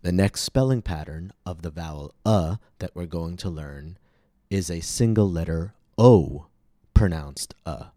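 Male host, American accent, low mellow voice, deliberate scripted teaching read, dry close mic. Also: dry recording. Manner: slow, carefully enunciated teaching delivery. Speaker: pronunciation podcast host. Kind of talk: scripted pronunciation lesson.

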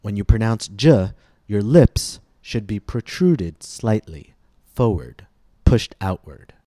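Man, pronunciation teacher, scripted lesson, deliberate careful diction, dark warm tone. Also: on the low side, big pitch swings, no room sound, studio quality. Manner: slow, deliberate, clearly articulated instruction.

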